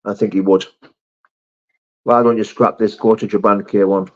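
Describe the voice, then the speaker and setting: A man's voice: on the low side, little pitch movement, moderate pace, highs cut off. A man hosting a casual live stream, reading out chat messages in a blunt, laddish way with swearing and laughter.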